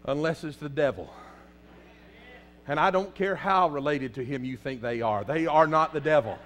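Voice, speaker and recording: A man with a Southern US accent preaching a fervent sermon as pastor in a church, often rising to a shout. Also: on the high side, moderate pace. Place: church sanctuary.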